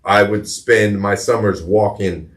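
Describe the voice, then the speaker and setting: A man's voice: on the low side, fairly even intonation, measured pace. A middle-aged man hosting a podcast, telling a personal story in a candid, profane way, often repeating words as he searches for them. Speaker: podcast host.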